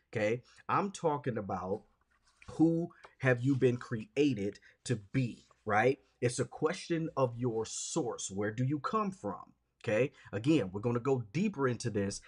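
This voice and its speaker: A middle-aged man leads his podcast like a motivational teacher, repeating each point for weight and pausing to check in with his listeners. His voice is husky with a breathy edge, set at an ordinary mid pitch for a man. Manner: repetitive, emphatic, checks in with "okay?" and "right?". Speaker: podcast host and leadership speaker.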